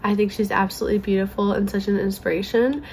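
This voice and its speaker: A young woman chatting through a makeup tutorial, self-deprecating and giggly, a little hoarse. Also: medium pitch, steady tone, fast, darkish tone, faint music behind. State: slightly hoarse from allergies. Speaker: beauty vlogger. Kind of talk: casual makeup tutorial chat.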